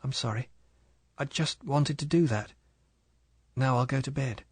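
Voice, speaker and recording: A man voicing a timid, lonely young wife from England, speaking softly with a strained eagerness. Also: mid-range voice, a little slow, slightly rough, dry recording, voice pushed up. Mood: soft wistful.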